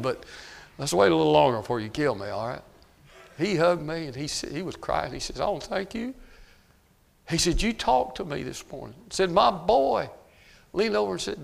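A middle-aged man preaches in a folksy way, his voice gravelly and a little raised in pitch. He drops to quiet asides, then climbs into loud shouts. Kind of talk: sermon.

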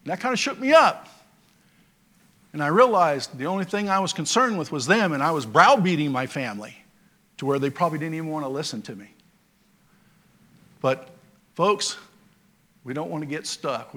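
A male pastor preaches in a folksy, storytelling manner, sprinkling in fillers as he goes. His voice sits somewhat high for a man. He swings between loud, emphatic lines and quiet asides. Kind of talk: sermon.

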